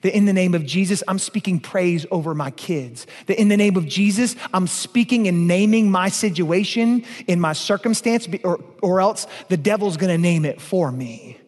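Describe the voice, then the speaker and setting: A male pastor preaching a sermon, emphatic, asking rhetorical questions and swinging between loud declarations and hushed lines. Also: sits high, moderate pace, few pauses. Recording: long reverb of a large hall.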